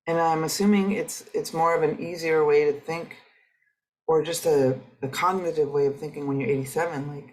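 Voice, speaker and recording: A woman's voice: low voice, fairly even intonation, normal speed, darkish tone, rough recording. A middle-aged woman hosting a podcast, talking in a rambling, conversational way with frequent restarts. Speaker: podcast host. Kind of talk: casual reflective monologue.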